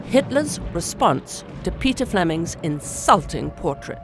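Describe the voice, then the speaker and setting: A woman narrating a podcast from a script in a measured, storytelling manner. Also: lowish voice, very animated, over loud music.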